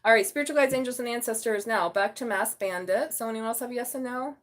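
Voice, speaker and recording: A woman's voice: on the high side, fast. A middle-aged woman reading tarot on a casual live stream, blunt and chatty, swearing freely. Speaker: tarot reader.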